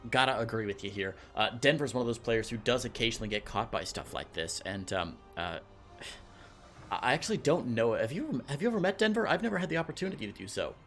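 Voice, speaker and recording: A young adult man casting an esports match, excitable and quick to laugh. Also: medium pitch, soft background music. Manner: lively, excitable, laughs often. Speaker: esports caster. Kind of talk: animated play-by-play commentary.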